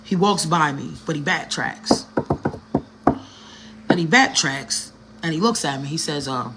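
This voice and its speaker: This woman's voice sits low and unhurried as she recounts a personal story for her vlog, talking directly to viewers in a slangy, earnest, emotional way. The recording is very noisy.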